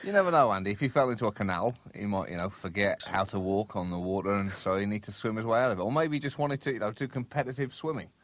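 A man co-hosting a satirical comedy podcast, delivering wry, deadpan asides with bursts of emphasis. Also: lowish voice, fast talker, few pauses, no echo.

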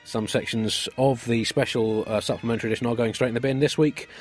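A man co-hosting a satirical podcast, delivering jokes in a wry, deadpan way. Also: medium pitch, fast talker, faint music behind. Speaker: podcast co-host.

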